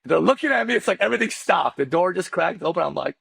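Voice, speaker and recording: A man in his forties, not a native English speaker, telling his story as a podcast guest in a lively, casual way full of slang. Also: fast, vocal fry, breathy edge, dry recording. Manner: lively, acts out quoted dialogue with big pitch jumps; casual slang, addresses host directly. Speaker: podcast guest, mortgage loan officer. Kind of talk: animated storytelling in a podcast interview.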